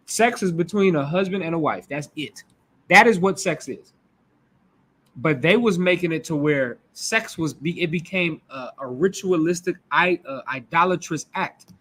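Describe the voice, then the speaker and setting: A man with a slightly high voice and a Midwestern American accent leads a sermon as a conversational teaching. He speaks loosely and informally, checks in with his listeners as he goes, and often restarts his thoughts mid-sentence. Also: fairly bright tone. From United States. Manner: loose and informal, talks back and forth with the congregation, frequent restarts. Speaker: preacher.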